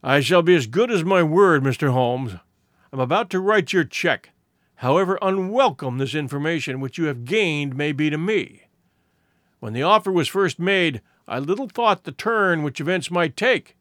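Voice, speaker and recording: A man's voice: on the high side, lively intonation, moderate pace, a bit bright, no echo, studio quality. A man voicing a stern, stately nobleman who talks with proud, impatient dignity in a storybook reading. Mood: stern, shaken.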